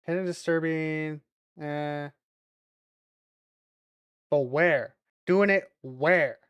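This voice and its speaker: A man's voice: on the high side, drawn-out words, clear, resonant tone, no room sound, highs cut off. A man streaming a game, talking to himself and chat and swearing as he reacts. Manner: swears, reacts aloud while playing. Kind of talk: casual game commentary.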